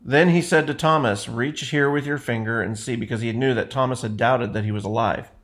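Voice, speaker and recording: A man's voice: medium pitch, fairly quick, fairly bright tone. A man leading an informal Bible study, reading passages aloud and explaining them in a conversational way, often correcting himself. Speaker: Bible teacher.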